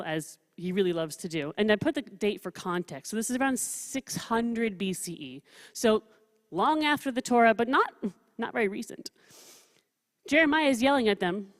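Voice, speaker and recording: A woman rabbi teaching a study session in a casual, humorous way, reading scripture quotes with lively emphasis. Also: mid-range voice. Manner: chatty, humorous, reads quotes with animated emphasis. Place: synagogue hall. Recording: long reverb of a large room.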